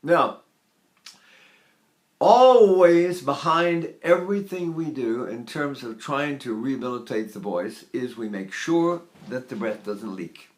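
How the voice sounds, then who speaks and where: An older man in his eighties teaches voice in a mid-range voice, unhurried and explanatory. He breaks off now and then to sing a note or breathe to show a point. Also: medium pitch, expressive, darkish tone. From United States. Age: 80s. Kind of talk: spoken vocal lesson with sung demonstrations.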